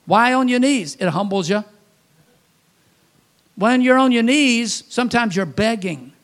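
High-voiced preacher with folksy storytelling. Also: male voice, animated, a little slow. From Louisiana, USA. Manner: folksy storytelling, rhetorical questions, swings from loud to hushed. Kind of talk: sermon.

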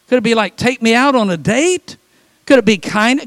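Male pastor, middle-aged, high voice, dry close mic; lively sermon delivery with acted quotes. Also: moderate pace, no room sound. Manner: animated preaching with quoted voices and humor.

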